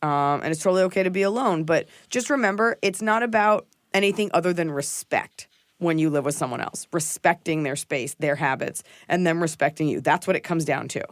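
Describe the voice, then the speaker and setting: A woman hosting a podcast, chatting casually and joking in an animated, playful way. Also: sits low, brisk, no room sound, studio quality. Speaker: podcast host. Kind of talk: casual comedic chat.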